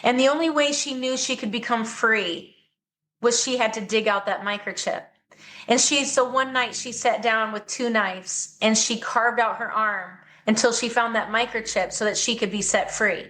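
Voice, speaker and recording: A woman's voice: on the high side, moderate pace, fairly bright tone. A woman guest on a podcast interview, speaking earnestly and with conviction about her advocacy work. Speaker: guest, anti-trafficking advocate.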